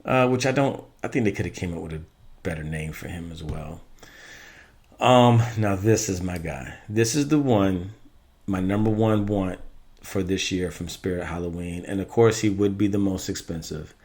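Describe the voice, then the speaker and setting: With a low, somewhat dark voice at a normal speed, this man rambles casually through his opinions on Halloween animatronics. He reviews props in a vlog, often stopping to correct himself.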